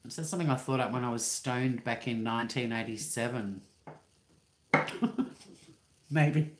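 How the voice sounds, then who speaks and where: A woman's voice: a bass voice, normal speed, very noisy. An Australian woman in her fifties, hosting a livestream from home in a rambling casual chat and swearing freely. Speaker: livestream host. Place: living room at home. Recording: roomy echo.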